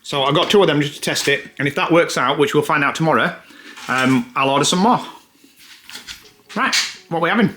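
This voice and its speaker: A man's voice: a little high, fairly quick, long pauses, bright, forceful tone, a little hiss or hum. An English man chatting casually in a vlog and explaining things step by step. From England. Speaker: vlogger.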